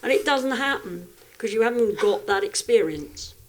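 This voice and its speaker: A woman's voice: fairly high pitch, lively intonation, normal speed. Frank woman, reflective. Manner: frank, reflective, many restarts. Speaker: guest, livestock exhibitor. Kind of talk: casual podcast conversation.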